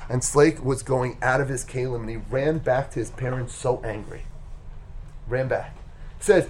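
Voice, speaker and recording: A man teaching a Torah class, retelling a story with animated, emphatic delivery. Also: mid-range voice, moderate pace, slight background noise.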